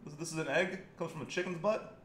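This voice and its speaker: A man with an American accent and a bright, forceful, slightly high voice chats loosely while he cooks, cracking jokes and cursing. The sound bounces around a roomy home kitchen with a faint hum of ambience behind him. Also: steady tone, quick pace. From United States. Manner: joking, rambling, swears freely. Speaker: cooking stream host. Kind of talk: casual live-stream chat while cooking.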